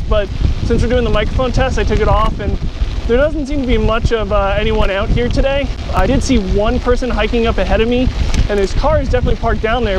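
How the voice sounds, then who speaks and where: A man casually explaining a gear test step by step while outdoors on a clip-on wireless mic, with wind and helicopters around. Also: high-pitched. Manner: chatty, narrates each step as he goes. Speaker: gear reviewer. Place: outdoors, parking garage roof and hill trail. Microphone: clip-on wireless mic near mouth.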